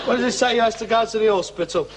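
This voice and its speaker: An actor playing a middle-aged, melodramatic hypochondriac son, theatrical and self-pitying in a sitcom. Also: male voice, very high voice, very noisy. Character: melodramatic hypochondriac grown son, put-upon.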